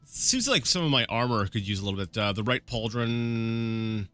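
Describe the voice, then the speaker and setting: Bright-voiced man rambling through gameplay. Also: fairly low pitch, expressive, moderate pace, no room sound, soft background music. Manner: rambling and self-correcting, with frequent fillers and restarts. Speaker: let's play gameplay commentator. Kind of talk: casual live gameplay commentary.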